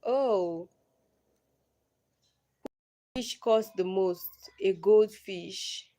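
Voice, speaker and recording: A young woman hosting a casual livestream, slowly reading riddles aloud and answering them herself. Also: medium pitch, mellow. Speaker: livestream host.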